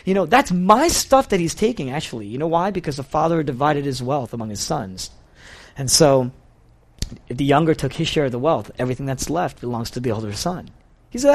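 A man's voice: a little high, lively intonation, brisk. A man preaching a sermon, telling a story with animation and repeating phrases for emphasis.

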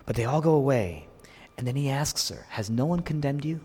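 A man preaching a sermon as pastor to his congregation, dropping to hushed whispers and then rising to loud, emphatic lines. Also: mid-range voice, expressive, brisk, slightly rough. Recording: long hall reverb.

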